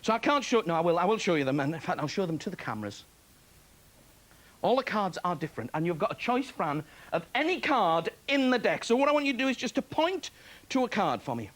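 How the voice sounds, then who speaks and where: Chuckling at his own jokes, a man does a chatty, self-mocking comic magic act on stage, captured on hissy 1990s television. His high, fairly bright voice is very animated and fast.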